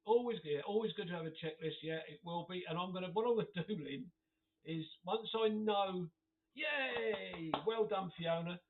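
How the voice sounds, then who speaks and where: A man's voice: sits high, normal speed, a little hiss or hum. Chatty man, tinny lo-fi audio. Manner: chatty, laughs often, reads out comments. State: occasional cough. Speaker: live streamer. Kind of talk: casual chat to live viewers.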